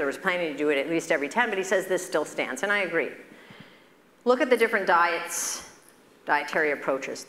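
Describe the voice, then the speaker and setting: A woman speaking at a medical conference, giving a conversational lecture and telling lively anecdotes. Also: on the low side, slight background noise. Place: large lecture hall. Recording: echoey hall, faint ambience.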